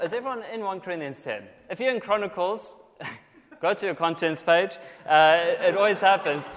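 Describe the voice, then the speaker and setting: A man from South Africa with a South African accent, preaching a jokey, lively sermon and having the congregation repeat scripture lines. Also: fairly high pitch, a little slow. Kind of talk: sermon with call-and-response scripture reading. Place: church hall. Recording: long echo of a large hall.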